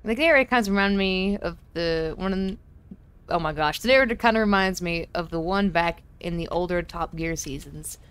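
Streamer woman, chatty play-by-play, slightly low voice, home setup. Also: normal speed, fairly bright tone, smooth. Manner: chatty, joking to herself and chat. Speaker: game streamer. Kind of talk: casual game commentary. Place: home room.

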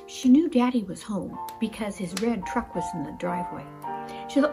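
A woman reading a children's story aloud in an expressive, exclamatory way. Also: a little high, a little fast. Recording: guitar music behind.

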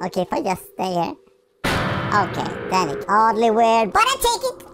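A man doing a squeaky cheeky baby hedgehog. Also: wildly swooping pitch, normal speed, heavy background noise. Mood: mocking. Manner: goofy, silly rhymes and nonsense words. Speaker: game player. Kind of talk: playful gameplay commentary in character.

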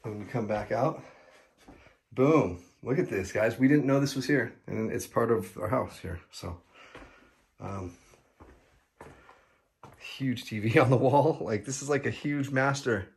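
A man from the United States vlogging a casual walk-through of a big rental house, chatty and excitable, talking to viewers as guys and breathing a little heavily. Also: medium pitch, a little slow, vocal fry, pauses often, breathy edge. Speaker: vlogger giving a house tour. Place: large rental house indoors.

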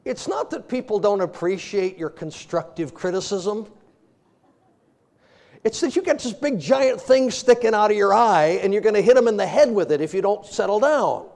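High-pitched, animated male preacher. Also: moderate pace. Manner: humorous, animated storytelling with frequent laughter; quotes scripture in old-fashioned wording. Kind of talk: sermon.

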